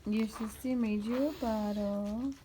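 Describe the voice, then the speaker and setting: A woman's voice: fairly high pitch, steady tone, measured pace, mellow, a little hiss or hum. A mother filming her baby on a phone at home, talking to her in fond, cooing baby talk. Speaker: mother and vlogger. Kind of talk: casual home video. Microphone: handheld phone.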